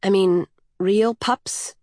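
Lady reading shy little girl, hesitant, slow, dry recording. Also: mid-range voice, fairly even intonation, a little mellow, no room sound, natural voice. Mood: timid. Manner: timid, hesitant. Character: timid young human girl. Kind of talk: audiobook character voice.

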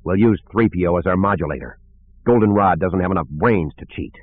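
A man voicing a gruff, hot-tempered male pilot who talks curt and snappish. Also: a little fast, no echo. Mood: snappish, menacing. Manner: curt, snappish, low and threatening. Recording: narrow phone-like sound.

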